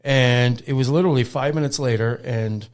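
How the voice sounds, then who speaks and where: A man's voice: medium pitch, normal speed. A man hosting a dog-training podcast, chatting loosely with lots of fillers and restarts. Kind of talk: casual podcast chat.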